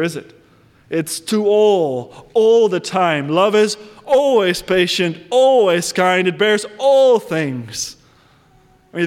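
A man preaching an evening sermon as pastor, measured and deliberate, drawing out key phrases and rising in pitch to stress them. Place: church sanctuary. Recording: long reverb of a large hall.

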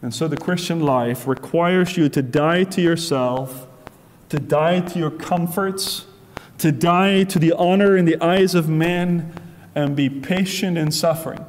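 A man's voice: fairly high pitch, unhurried, slight background noise. A man preaching a sermon, emphatic and repetitive, piling up phrases for effect. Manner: emphatic, repetitive, acts out voices in asides. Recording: long reverb of a large hall.

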